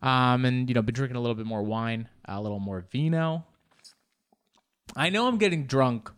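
Smooth-voiced young man rambling loosely. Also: medium pitch, expressive, moderate pace, a bit bright. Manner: loose, joking, swears, restarts often. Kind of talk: casual rambling monologue.

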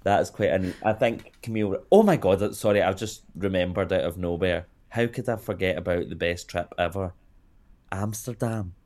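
A young man with a deep, low-pitched voice chats casually as a guest. He rambles and gushes, and he breaks off mid-thought with quick asides. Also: darkish tone. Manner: rambling, gushing, quick asides and self-interruptions. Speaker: podcast guest, comedian. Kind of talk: casual chat.

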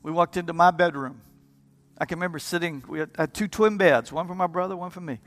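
A man's voice: a little high, fast, fairly bright tone. A man preaching a sermon, telling his story with passion, repeating and restarting words in bursts. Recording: long hall reverb with music underneath. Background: live keyboard music.

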